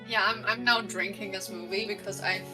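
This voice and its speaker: A woman's voice: medium pitch, fairly even intonation, brisk, music in the background. A woman voice actor chatting casually on a livestream, giggly and talkative.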